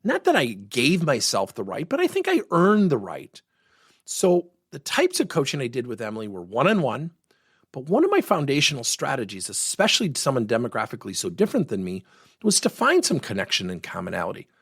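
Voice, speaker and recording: A middle-aged man giving a workplace coaching lesson, telling stories and acting out the dialogue with lively energy. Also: medium pitch, fairly quick, husky, no room sound, studio quality. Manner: animated, acts out quoted dialogue.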